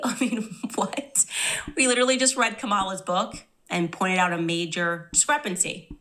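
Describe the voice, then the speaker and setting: A woman's voice: mid-range voice, pushed and bright. A woman political commentator hosting a podcast, telling a story in a sardonic, emphatic way.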